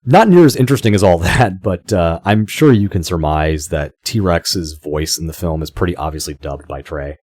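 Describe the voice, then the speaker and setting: A man's voice: deep voice, animated, normal speed, few pauses, a little mellow, no echo. A man co-hosting a podcast, talking casually, swearing freely and often restarting his sentences. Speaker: podcast co-host.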